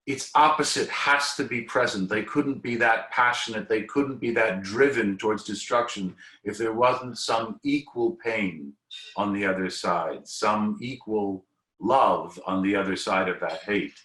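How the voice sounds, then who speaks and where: A man's voice: low-pitched, sharp tone. A man in his fifties, an actor on a discussion panel, reflecting thoughtfully and rambling with restarts over a video call. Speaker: actor guest. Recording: echoey room.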